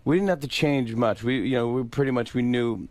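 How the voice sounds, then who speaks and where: A man's voice: mid-range voice, brisk, a little mellow, no echo. A man telling a story as a guest in an interview, giggling often and stammering through restarts. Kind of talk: anecdote in an interview.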